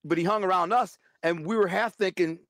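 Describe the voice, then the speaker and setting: A man's voice: high voice, brisk, a bit bright, dry recording, studio quality. A man telling a blunt, streetwise story as an interview guest. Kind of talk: casual storytelling.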